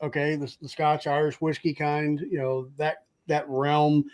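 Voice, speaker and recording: A man co-hosting a casual podcast chat in an easygoing, halting way. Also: a little high, level tone, crowd noise. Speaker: podcast co-host.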